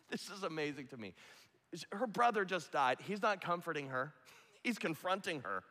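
A man's voice: fairly high pitch, animated, normal speed, pushed and bright. A man preaching a sermon as pastor, impassioned and building to a rousing call. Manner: impassioned, preacherly, acts out quotes. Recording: long echo of a large hall.

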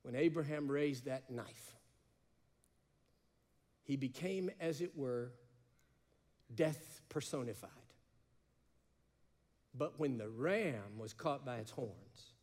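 Impassioned preacher in a reverberant hall. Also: male voice, mid-range voice. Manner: impassioned, swings from loud emphatic cries to hushed slow phrases. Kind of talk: sermon. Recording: long reverb of a large hall.

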